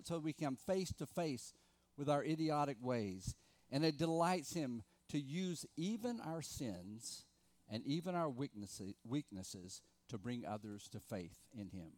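A middle-aged man preaching a sermon, earnest, with rhetorical questions, rising for emphasis and dropping to quiet asides. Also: fairly high pitch, dry recording. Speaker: pastor.

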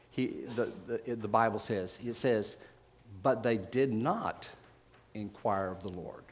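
A man preaching a sermon, retelling scripture stories in a casual, conversational way, pausing with fillers and correcting himself as he finds verses. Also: mid-range voice, long reverb tail. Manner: frequent fillers and self-corrections while finding verses.

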